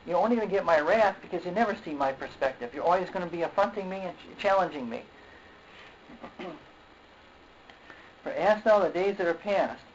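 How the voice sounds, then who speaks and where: A man delivers a sermon in a halting, repetitive way, often stopping to say okay and to clear his throat. His voice sits a little high for a man. The recording is dull and lo-fi, with a faint hiss behind it. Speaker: preacher.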